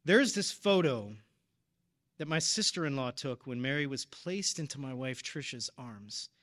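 A man's voice: medium pitch, lively intonation, measured pace, a bit bright. A man in his thirties preaching, telling a personal story in an earnest, emotional way. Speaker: deacon or preacher at a parish. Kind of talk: personal testimony in a sermon.

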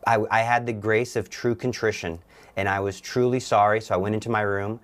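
A young man sits as a guest on a talk show and tells his own story in earnest. He talks haltingly, with restarts and repeats. His voice sits a little low. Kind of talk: personal testimony on a talk show.

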